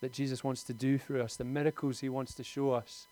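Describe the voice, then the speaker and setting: A man's voice: medium pitch, little pitch movement, brisk, a little mellow. A man, preaching a conversational sermon in a lightly humorous tone.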